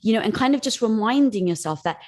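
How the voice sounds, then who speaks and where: A woman's voice: on the high side, expressive, quick pace, a little mellow. A woman guest on an interview, giving advice in a casual, encouraging way. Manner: casual and encouraging, calls the host "girl".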